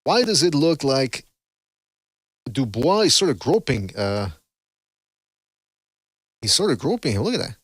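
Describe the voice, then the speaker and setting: A man's voice: medium pitch, sing-song, measured pace, pauses often, husky, dry recording. A man hosting a boxing call-in podcast, talking in a rambling, blunt, profane way. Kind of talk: casual call-in show commentary.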